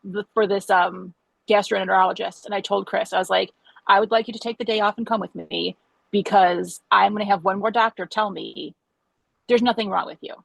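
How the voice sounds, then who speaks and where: Husky, gravelly woman telling stories. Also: mid-range voice, fairly quick, no echo, poor audio. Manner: animated storyteller, acts out quotes, swears. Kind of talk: candid podcast conversation.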